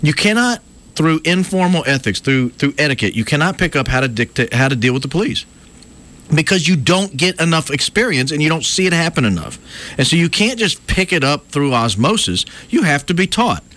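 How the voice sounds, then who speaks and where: A man's voice: fairly high pitch, big pitch swings, brisk, fairly bright tone. A man in his late thirties hosting a talk radio show, explaining things in an earnest, lecturing way. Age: 30s.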